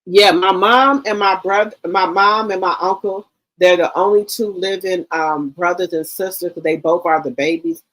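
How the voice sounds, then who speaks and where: Middle-aged woman, lowish husky voice, animated casual storytelling, livestream host. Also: moderate pace, poor audio. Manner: animated, addresses listeners as baby and girl.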